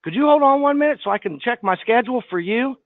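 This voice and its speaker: A man's voice: very high-pitched, animated, fast, no room sound. A man, a sales trainee, doing phone role-play practice and speaking hesitantly with "uh" fillers. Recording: tinny phone-like line.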